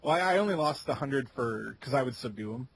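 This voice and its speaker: A man co-hosting a casual gaming podcast, relaxed and rambling, swearing casually as he talks. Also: medium pitch, fairly quick, gravelly, a little hiss or hum, rough recording. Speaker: podcast co-host.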